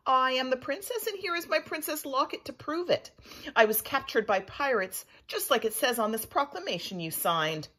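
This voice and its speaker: A cheeky young pirate princess, voiced by a woman reading a storybook, sounds high, bossy and full of swagger. She talks with a breathy edge and big swoops of pitch. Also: animated, normal speed, pushed and bright, full character voice. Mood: brash. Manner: brash, commanding.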